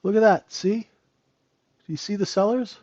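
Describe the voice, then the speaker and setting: Mellow-voiced man teaching live trading. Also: high voice, measured pace, muffled recording. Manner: conversational, answers viewers' questions, rhetorical "right?". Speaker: trading instructor. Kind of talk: live trading room commentary.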